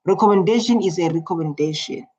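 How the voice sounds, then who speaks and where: A man with a South African accent giving casual, chatty reaction commentary, repeating himself and filling pauses with "like". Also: sits high, a little mellow. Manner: chatty, repetitive, filler-heavy. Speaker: YouTube reactor. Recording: lo-fi muffled home recording.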